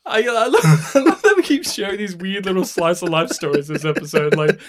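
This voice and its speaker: An Australian man hosting a podcast, telling stories in lively, casual chat and swearing freely. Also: sits high, a little fast. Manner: animated storyteller, swears freely. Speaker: podcast host.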